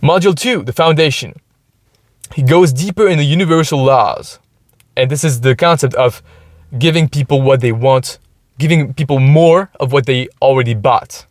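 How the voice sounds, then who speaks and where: A man's voice: mid-range voice, normal speed, no room sound. Man explaining in a dry car. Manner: explaining, thinking aloud with restarts. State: overheated. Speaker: podcast host. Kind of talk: casual solo podcast talk. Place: inside a parked car.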